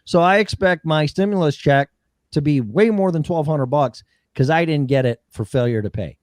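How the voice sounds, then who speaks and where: A man's voice: on the high side, moderate pace, dry recording. A man hosting a political talk show, ranting heatedly with profanity and mocking impressions. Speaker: show host.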